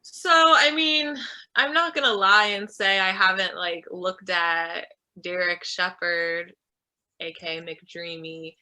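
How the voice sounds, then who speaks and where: A woman's voice: fairly low pitch, slow pace, bright, forceful tone. A young woman in her twenties speaking as a guest on a video call, candid and chatty with lots of "like". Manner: candid, chatty, says "like" often. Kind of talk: casual chat.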